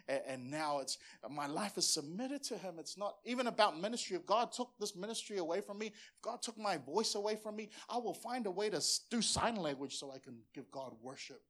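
A man's voice: fairly high pitch, fairly bright tone. A man in his forties from Samoa, a pastor preaching a sermon in an earnest, passionate way and often repeating words as he presses a point.

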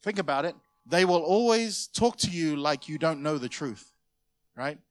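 A man preaching a sermon to his church in a conversational way, with sudden loud emphases. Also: a little high, lively intonation, moderate pace. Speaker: pastor.

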